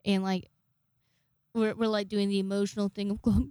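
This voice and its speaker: A woman's voice: medium pitch, little pitch movement, moderate pace, mellow, clear, resonant tone, no echo, clean studio sound. A young woman in her twenties telling rambling, jokey, profane stories to camera in a casual vlog. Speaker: vlogger.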